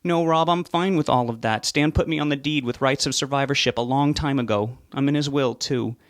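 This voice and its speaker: A man with a mid-range voice, talking a little fast and natural-sounding, raises his pitch above his own to play a grieving middle-aged mother who pleads tearfully and insistently. The overall mood is calm, and the sound is clean studio audio with no echo.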